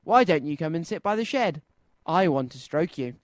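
A man's voice: on the high side, lively intonation, normal speed, no echo, lightly acted. A man voicing an eager little girl who plays at being a spy, in a children's radio story. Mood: excited.

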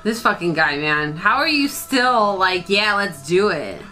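A woman's voice: medium pitch, lively intonation, a little slow, bright, forceful tone, faint music behind. A woman co-hosting a movie reaction, exclaiming, laughing and swearing as she watches. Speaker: co-host of a movie reaction channel. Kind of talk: excited movie reaction commentary. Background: film soundtrack playing.

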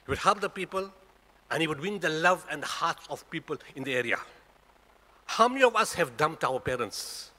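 A man's voice: on the high side, expressive, normal speed, sharp tone. A man in his sixties from South Africa with a South African accent, giving a Friday talk at a mosque and pressing the congregation with rhetorical questions. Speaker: guest speaker at a mosque. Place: mosque prayer hall. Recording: echoey hall reverb.

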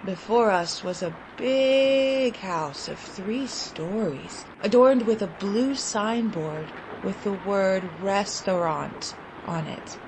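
A woman reading a literary short story aloud in an expressive, dramatic storytelling manner. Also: mid-range voice, slow pace, background noise. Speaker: story reader.

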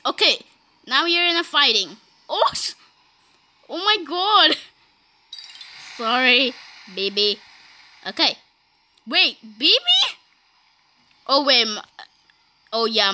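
A woman doing casual gameplay commentary, giggly and excitable, saying "beep" to bleep herself out. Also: high voice, a little hiss or hum. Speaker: gaming YouTuber.

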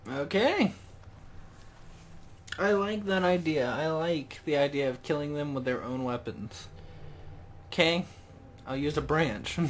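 A young man casually commentating a video game, rambling and joking, excited. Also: a little high, a little hiss or hum. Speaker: gaming video host. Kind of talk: casual let's-play commentary.

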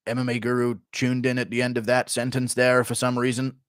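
A man giving mock fight commentary in a deadpan announcer style, full of crude jokes. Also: mid-range voice, fairly quick, clear, resonant tone, dry recording, clean studio sound. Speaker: comedy commentator.

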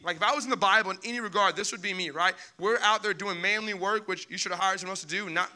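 Young guy pastor preaching fast, high voice, super animated storyteller. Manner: animated storytelling, squeaky panicked voices for quoted characters. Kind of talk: sermon.

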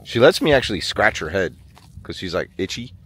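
A man with a lowish voice that swings widely up and down talks casually as he walks around his farm. He chats to viewers between moments of coaxing his animals in a high, playful voice. Faint noise sits underneath. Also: sing-song, fairly quick, a bit bright. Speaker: farm vlogger. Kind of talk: casual vlog chat. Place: outdoors on a small farm by paddocks and barn.

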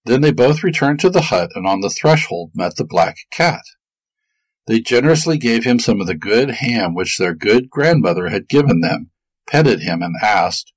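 A man narrating a folk tale with an expressive storybook cadence. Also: lowish voice, normal speed, husky, no echo, low-quality recording.

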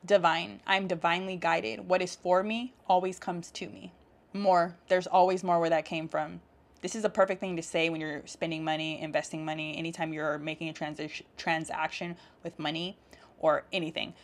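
Lower-voiced woman sharing affirmations. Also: fairly even intonation, normal speed, creaky. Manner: warm encouraging, laughs often, speaks affirmations aloud. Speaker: self-help vlogger. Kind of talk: casual affirmation talk.

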